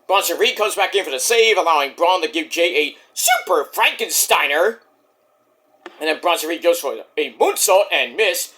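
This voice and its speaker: A man recaps a wrestling show in casual, excitable talk that is full of swearing. His voice sits high and bright. His pitch swings widely as he gets carried away. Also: normal speed. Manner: animated, swearing, acts out voices. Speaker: wrestling reviewer.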